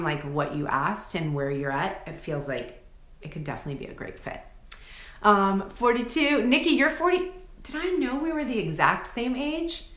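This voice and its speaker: A woman, talking in a low voice that bounces around an echoey room. She gushes over viewers' comments during a live coaching stream and drops casual swear words into her chatty answers. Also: a bit bright. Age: 40s.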